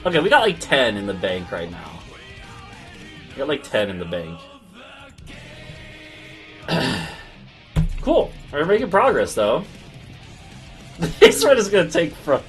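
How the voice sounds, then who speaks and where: A man streaming a game in casual, profane commentary, laughing often and swinging between low mumbles and loud outbursts. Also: huge pitch swings, measured pace, pauses often, faint music behind.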